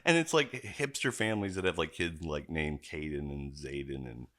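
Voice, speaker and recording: A man's voice: rumbling low, normal speed. A man hosting a casual podcast chat, telling profane stories with lots of mimicking. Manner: profane, animated storytelling with mimicked voices. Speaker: podcast host.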